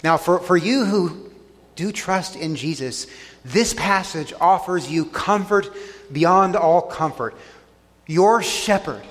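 A man's voice: animated, slow. Earnest preaching man in echoing church. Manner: earnest preaching, dropping soft and low on key lines. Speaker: pastor. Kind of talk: sermon. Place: church sanctuary. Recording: long church hall reverb.

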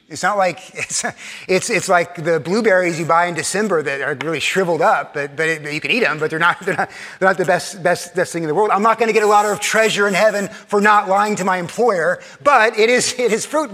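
A man's voice: high-pitched, fairly quick, fairly bright tone, in a large hall. A middle-aged man preaching a sermon in a casual, self-deprecating way, often restarting his sentences and chuckling. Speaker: pastor.

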